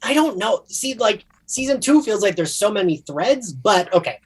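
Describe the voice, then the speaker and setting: A man's voice: high voice, normal speed, breathy edge. A man from New Jersey with a New Jersey accent, co-hosting a podcast in casual, chatty talk full of fillers. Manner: chatty, many fillers, animated. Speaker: podcast co-host. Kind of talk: casual chat.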